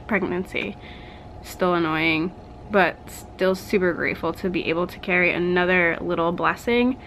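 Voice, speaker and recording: A woman's voice: mid-range voice, fairly bright tone, poor audio. A young woman chatting casually in a home vlog, rambling with lots of "like", a little out of breath. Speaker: vlogger. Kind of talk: casual pregnancy update vlog. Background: washing machine hum.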